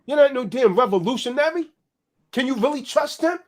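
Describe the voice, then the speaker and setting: A man's voice: extremely high pitch, expressive, a little fast. A man delivering a heated, profane political rant in a preaching manner, tagging "man" onto his lines.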